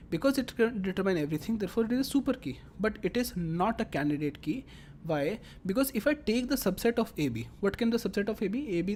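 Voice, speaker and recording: A woman's voice: mid-range voice, dark tone, a little hiss or hum. A woman teaching a lecture, explaining step by step and repeating her phrases as she works through examples. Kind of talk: classroom lecture.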